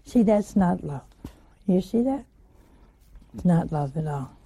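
An older woman gives a homey, informal sermon at an unhurried pace. Her voice is gravelly and mellow, and she keeps asking her listeners questions and laughing along with them. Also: fairly low pitch, lively intonation. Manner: chatty, asks the listeners questions, laughs often. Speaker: religious teacher.

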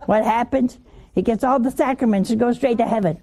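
A woman's voice: on the high side, fairly quick, dark tone. An older woman giving an informal sermon, chatty and laughing, often asking her listeners questions. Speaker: religious teacher.

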